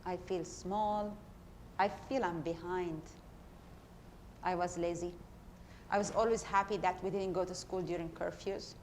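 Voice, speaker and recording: A woman's voice: mid-range voice, darkish tone, slight background noise. Earnest woman. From Palestine. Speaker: performer. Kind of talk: documentary stage play.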